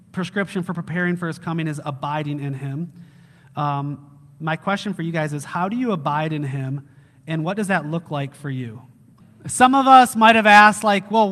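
A man preaching with a high, bright, forceful voice. He speaks casually and with animation, and he acts out excited lines. His voice carries the long reverb of a church hall. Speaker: lead pastor. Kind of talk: sermon.

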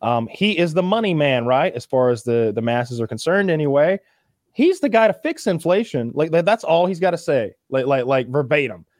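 A man's voice: fairly high pitch, very animated, moderate pace, a little mellow, no echo, clean studio sound. A man in casual political chat, emphatic and opinionated.

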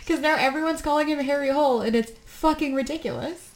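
A woman's voice: high voice, quick pace, a little hiss or hum. A woman co-hosting a podcast in casual chat, rambling along with plenty of fillers and restarts.

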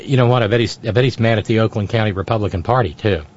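A man's voice: on the low side, rapid-fire. A man hosting a sarcastic political commentary show, with mocking asides. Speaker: host. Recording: dry, dull lo-fi sound.

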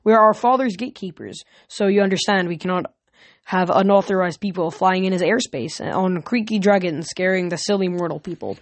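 Woman voicing a smarmy scrawny demigod guy, fake French accent, flirty, lowish voice, dry sound. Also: moderate pace, darkish tone, dry recording, lightly acted.

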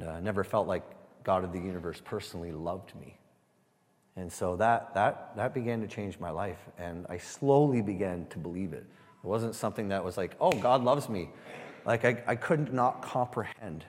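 A man giving a sermon testimony, halting and repeating words as he speaks to a church. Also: low-pitched, a little mellow, big-room sound. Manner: halting, repeats words, asks the room "Amen?".

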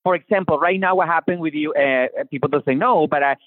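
Over a thin, phone-quality call, a singer-songwriter with a Latin American Spanish accent chats casually and animatedly about his music, often restarting sentences and performing quotes. His voice is a little high and quick, and the recording is dry, with no space around it.

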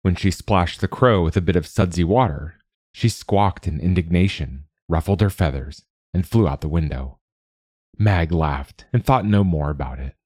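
A man narrates a fairy tale in a very deep, low voice. His reading is calm and even, and the recording is dry and close with no room echo. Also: normal speed, breathy edge. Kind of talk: scripted storybook narration.

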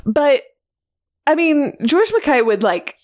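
Woman podcast co-host, fairly high voice, chatty, upbeat. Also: big pitch swings, slow pace, darkish tone. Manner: chatty, enthusiastic, playful. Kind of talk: casual film discussion.

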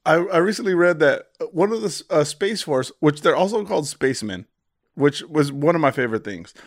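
A young man with a somewhat high voice, co-hosting a relaxed podcast. He talks in a playful, teasing way and giggles often between lines. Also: fairly quick. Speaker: podcast co-host. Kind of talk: casual chat.

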